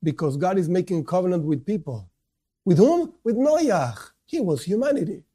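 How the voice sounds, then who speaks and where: A man leads a religious class with a fairly high, mellow voice. He keeps posing questions and answering them himself in a lively manner. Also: normal speed, breathy edge. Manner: animated, asks and answers his own questions. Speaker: rabbi teaching a class. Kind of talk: religious lesson.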